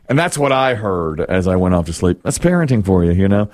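A man's voice: moderate pace, few pauses. Rambling middle-aged man telling stories. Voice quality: animated, lively pitch swings. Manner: rambling, self-deprecating storyteller with lots of chuckles. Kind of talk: casual morning-show chat.

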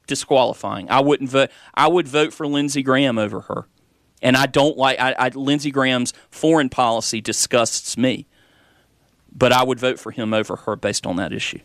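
A man's voice: medium pitch, moderate pace, fairly bright tone, no room sound, studio quality. A man with a Southern American accent co-hosting a casual political talk show, opinionated and teasing. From South Carolina.

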